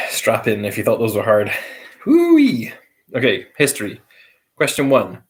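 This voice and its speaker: A man's voice: fairly low pitch, fairly bright tone. A man hosting a casual quiz, reading each question and repeating it. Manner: repeats questions slowly, with light chuckles. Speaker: quiz host.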